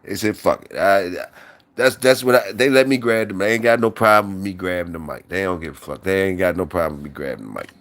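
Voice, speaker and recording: A man's voice: low voice, fast talker, fairly bright tone. A man hosting a live stream in loose, profane, repetitive banter with his chat, talking on a mic from his workplace.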